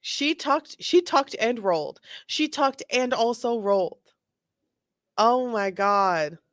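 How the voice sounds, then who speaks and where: A woman's voice: fairly high pitch, expressive, takes it slowly, no room sound, studio quality. A woman giving sarcastic, joking running commentary on a video. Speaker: commentator reacting to body cam video. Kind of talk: casual reaction commentary.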